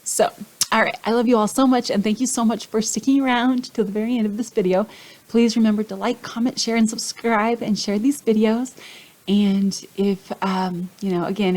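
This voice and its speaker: A woman speaks to camera in a personal testimony vlog, her voice sitting at an ordinary middle pitch. She is earnest and heartfelt and keeps checking in with her viewers as she talks. She gets emotional and choked up easily. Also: steady tone, moderate pace, darkish tone, rough recording. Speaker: vlogger sharing her faith testimony.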